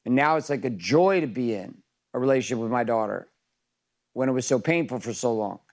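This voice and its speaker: A man's voice: mid-range voice, brisk. A man coaching a group in an intense, emphatic motivational talk, swearing freely.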